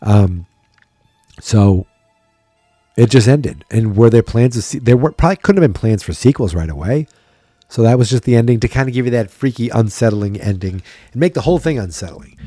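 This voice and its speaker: Tired, low-voiced male podcast host. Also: warm tone, no room sound, clean studio sound. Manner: chatty, wry, thinking aloud. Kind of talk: casual solo podcast recap.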